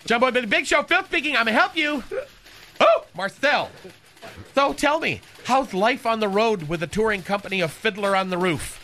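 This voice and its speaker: A man's voice: high voice, expressive, normal speed, pushed and bright. A man doing Phil, a campy gossipy receptionist. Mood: catty. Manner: campy, gossipy, one-sided phone chatter. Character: flamboyant gay male phone receptionist, catty. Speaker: comedy sketch character. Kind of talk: radio comedy sketch.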